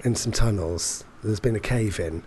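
A man's voice: lowish voice, normal speed, a little mellow, slight background noise. A man chatting casually as a podcast co-host, telling rambling anecdotes full of fillers and restarts. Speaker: performance poet. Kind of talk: casual chat.

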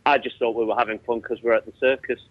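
A comedian chats as a guest on a radio show, matter-of-fact and a little hesitant. The sound is dull and lo-fi, and it is dry with no room around it. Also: male voice, mid-range voice, level tone, fast talker, dry recording. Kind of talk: casual radio chat.

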